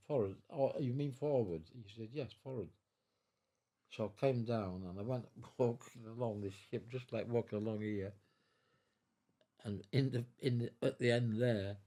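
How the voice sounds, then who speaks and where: A man's voice: on the low side, dark tone. A man in his nineties telling his life story at home in an interview, rambling and restarting as he goes. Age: 90s. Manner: rambling, repeats and restarts, chuckles while telling. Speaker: veteran interviewee.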